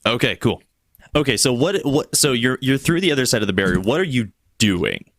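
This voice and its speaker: A man's voice: mid-range voice, animated, a little fast, fairly bright tone, no echo. A man narrating a tabletop game as game master, often restarting his sentences as he describes the action.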